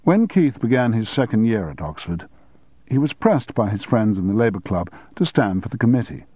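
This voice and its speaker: Low, husky male audiobook narrator. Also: no room sound, dull audio. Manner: measured, even storytelling.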